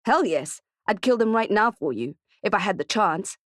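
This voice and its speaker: A woman voicing Keke, a tough, frantic female friend who talks bluntly and swears, in a dark thriller audiobook. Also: mid-range voice, big pitch swings, normal speed, dry recording, studio quality. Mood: urgent.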